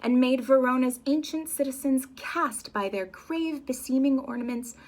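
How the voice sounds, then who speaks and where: A woman voicing a stern male prince who rules a city, proclaiming his orders in a loud, slow, commanding way. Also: high voice, voice pushed up.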